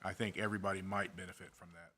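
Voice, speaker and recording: This is a board member speaking up at a meeting, earnest and repeating small words as he goes. His voice is lowish but bright and forceful. A faint hiss sits under it. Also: flat delivery, racing.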